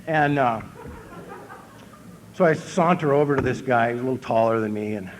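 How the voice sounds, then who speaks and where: A man with an Upper Midwest American accent giving a humorous recovery talk from a convention stage, telling stories in a deadpan, self-mocking way and acting out what people said. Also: medium pitch, measured pace, slight background noise. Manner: storytelling, deadpan self-mocking, acts out quotes. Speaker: speaker at an AA convention.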